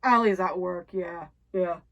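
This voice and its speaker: A woman voicing a young man who is secretly watching a woman on camera and talks to himself in a slow, admiring mutter. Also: lowish voice, muffled recording, pitched below the performer's own voice.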